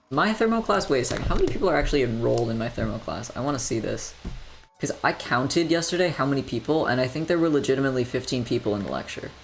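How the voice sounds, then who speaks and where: Young man, gravelly vocal fry, casual study-stream chatter, muttering to himself, faint background music. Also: mid-range voice. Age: young adult. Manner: rambling, muttering to himself while working problems.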